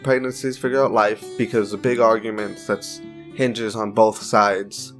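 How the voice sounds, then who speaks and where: Chatty, lower-voiced man. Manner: informal, chatty, with joking side remarks. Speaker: video commentator. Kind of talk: casual opinion monologue.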